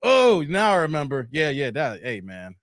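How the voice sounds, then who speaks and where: A man's voice: a little high, huge pitch swings, moderate pace, fairly bright tone, no room sound, studio quality. A man hosting a casual live stream, chatting loosely with viewers, answering their comments and often tossing in "man". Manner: brash and defiant toward critics.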